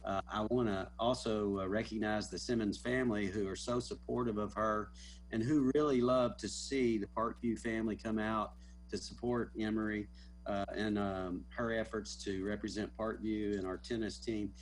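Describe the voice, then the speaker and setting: A school principal with a fairly low voice speaks earnestly on a call. He pauses often with filler words. A faint hum sits behind him. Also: steady tone. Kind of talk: casual remarks on a video call.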